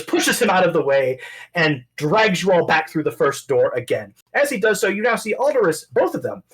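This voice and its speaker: A man narrating a tabletop game as game master, animated and rambling. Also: high-pitched, slightly rough. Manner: animated, rambling, self-correcting.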